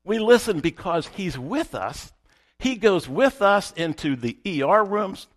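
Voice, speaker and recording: A man's voice: high-pitched, big pitch swings, measured pace. A man preaching a sermon as pastor, emphatic and repeating his key phrases for weight.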